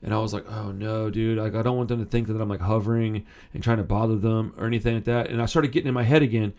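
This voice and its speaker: A man's voice: on the low side, steady tone, quick pace, darkish tone. A man in his thirties hosting a punk music channel, telling a personal story in a rambling, self-interrupting way and swearing casually.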